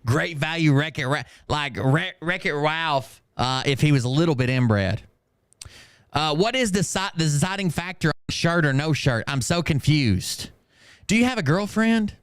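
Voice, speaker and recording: A man's voice: on the high side, animated, normal speed, clear, resonant tone, dry recording, clean studio sound. A man hosting a stream, reading viewer comments aloud in casual, mocking commentary and laughing often.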